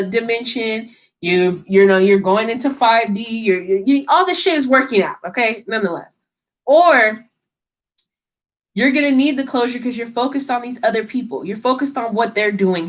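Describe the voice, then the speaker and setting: A woman with a slightly high voice reads tarot straight to camera. She is blunt and scolding, drops slang and swears freely. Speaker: tarot reader. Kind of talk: casual tarot reading to camera.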